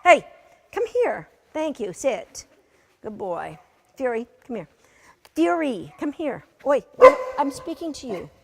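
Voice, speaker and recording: A woman instructing a dog training class, giving brisk, matter-of-fact commands to a dog and its handler, sometimes teasing. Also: a little high, very animated, creaky, darkish tone, a little hiss or hum. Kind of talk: coaching a live training session. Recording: long reverb of a large hall.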